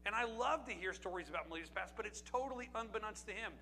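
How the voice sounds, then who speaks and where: A man's voice: sits high, fast, sharp tone, a little hiss or hum, rough recording. A man from Pennsylvania preaching a sermon as pastor, in a conversational way with rhetorical questions and asides to the congregation.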